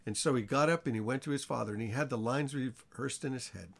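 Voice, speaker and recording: A man's voice: quick pace, creaky. A man teaching an informal Bible study sermon in a conversational way, asking his listeners questions and acting out the characters' lines. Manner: animated storytelling, acts out the characters' lines with rising pitch.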